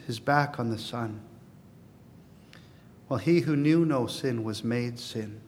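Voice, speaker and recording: An earnest male pastor preaching from the pulpit, his voice rising to emphatic peaks before settling back low and confiding. His middle-pitched voice carries a long reverb through a large hall, with a faint low rumble underneath. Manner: earnest, building to emphatic peaks then dropping soft. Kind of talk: sermon.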